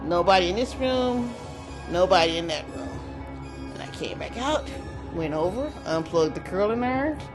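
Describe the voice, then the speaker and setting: A woman's voice: on the low side, lively intonation, moderate pace. A middle-aged woman from St. Louis telling a personal ghost story in a casual, conversational way, with restarts and pointing out places as she goes. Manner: conversational, restarts and describes with gestures. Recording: music underneath.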